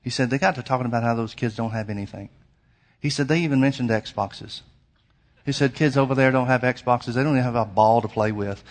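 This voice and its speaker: A man's voice: medium pitch, a little fast. A man preaching a sermon, telling a personal story in an earnest, emphatic way. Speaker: pastor.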